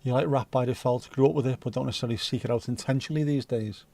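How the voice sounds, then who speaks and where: A man's voice: medium pitch, fairly even intonation, very fast, gravelly, warm tone, no room sound. A man hosting a livestream, chatting casually and rambling while reading out viewer comments, with the odd swear word. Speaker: livestream host.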